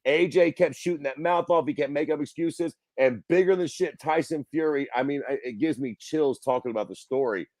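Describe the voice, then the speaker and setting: A man co-hosting a combat sports podcast, talking in a profane, excitable and emphatic way. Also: a little high, brisk, hardly any pauses, dry recording. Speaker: podcast co-host. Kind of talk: casual chat.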